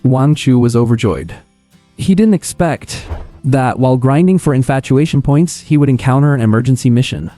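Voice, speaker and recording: Casting: male narrator for a comic recap, mellow warm tone, steady storytelling, faint music underneath. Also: medium pitch, moderate pace, no echo.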